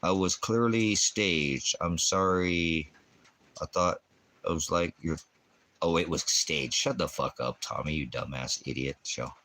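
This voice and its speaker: Low-voiced, profane livestream preacher man. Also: measured pace, bright, forceful tone. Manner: profane, insulting, mocking; jumps between jokes and scripture talk. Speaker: livestream ministry host. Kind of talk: livestream rant answering chat.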